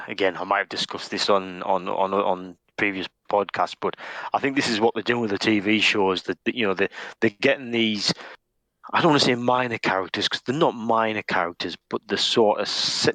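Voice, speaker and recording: A man's voice: lowish voice, a bit bright, no room sound, rough recording. A man co-hosting a podcast, chatting casually and thinking aloud with many fillers and restarts. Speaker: podcast co-host. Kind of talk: casual chat.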